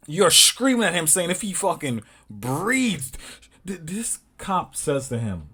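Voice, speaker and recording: A man's voice: a little high, very animated, slow pace, sharp tone, breathy edge. An angry man reacting to a video, swearing and emphatic, with an African American English accent and rising outbursts. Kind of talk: heated casual reaction commentary.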